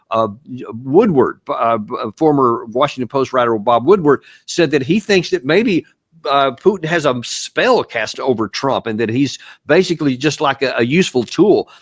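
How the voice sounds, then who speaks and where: A man's voice: medium pitch, fairly bright tone, no room sound. A man in a mid-range voice hosts an interview and poses long conversational questions. His delivery repeats words and restarts phrases, and the recording is dry, with no room sound. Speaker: show host.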